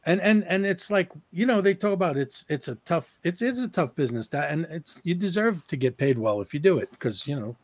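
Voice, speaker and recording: Higher-voiced man eagerly spinning a yarn. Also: lively intonation, brisk, hardly any pauses, no echo. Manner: eager storyteller with frequent repeated restarts. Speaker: actor. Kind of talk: casual podcast chat.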